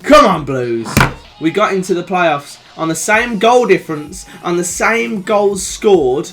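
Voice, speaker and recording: A young man with a Birmingham accent commentating over a football video game, chatting calmly and then shouting with excitement at big moments. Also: sits high, a little slow, faint music behind. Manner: excitable, swings from calm chat to shouting at goals. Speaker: gaming YouTuber.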